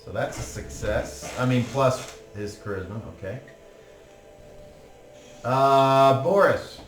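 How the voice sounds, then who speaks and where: A man's voice: mid-range voice, takes it slowly, far from the mic. A man running a tabletop game as game master, narrating playfully and laughing often. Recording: echoey room, faint music.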